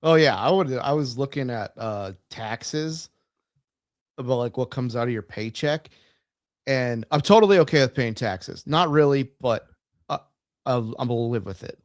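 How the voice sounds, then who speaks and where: A man's voice: mid-range voice, animated, normal speed, dry recording. Young male co-host, casual banter, jokey, dry mic. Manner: joking, laughs into his lines. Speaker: podcast co-host. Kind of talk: casual chat.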